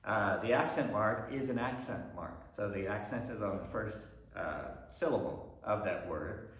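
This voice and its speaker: A man, a pastor, teaching a Bible study lesson in an explanatory way, pausing with ums and restarting phrases. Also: lowish voice, a bit bright. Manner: explanatory, thinking aloud with frequent ums and restarts. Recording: very echoey room.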